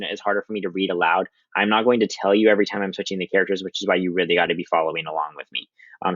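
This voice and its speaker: Chatty male teacher, low voice. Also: fairly bright tone, no echo. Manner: casual, chatty explanations with many ums. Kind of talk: recorded literature lesson. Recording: dull lo-fi dry recording.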